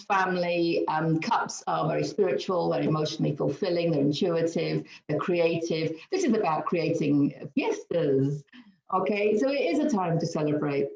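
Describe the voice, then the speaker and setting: A woman giving a weekly tarot reading, earnest and upbeat, often breaking into laughter. Her voice sits at a medium pitch. The sound is roomy and a little dull. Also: a little mellow. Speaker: tarot reader.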